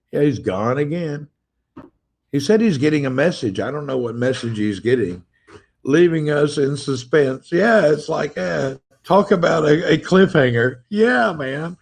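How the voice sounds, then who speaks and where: With a medium-pitched, darkish voice and noticeable vocal fry, this livestream host chats casually from home while family are nearby. Using his phone to stream, he calls out viewers by name, reads their comments aloud, and playfully teases them.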